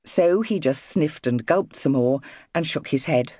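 Woman reading a kids' audiobook, super expressive, pitch all over, dry close sound. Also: unhurried, dry recording. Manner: expressive, storytelling. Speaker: audiobook narrator. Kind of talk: children's audiobook narration.

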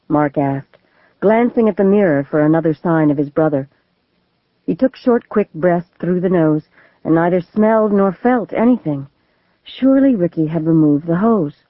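A woman narrating a thriller audiobook in a measured, steady storytelling manner, on a tinny, phone-like recording. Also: sits low, no room sound. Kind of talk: scripted narration of a legal thriller.

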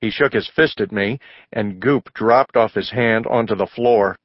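A man's voice: unhurried, no echo. Man, children's audiobook narrator, character voices, dry close sound, slightly muffled. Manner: raises pitch for child and mother voices.

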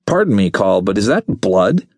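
A man's voice: on the low side, big pitch swings, moderate pace, a little mellow, no echo, studio quality. A man voicing a fussy young male tech geek in an audiobook, with a prim and polite manner.

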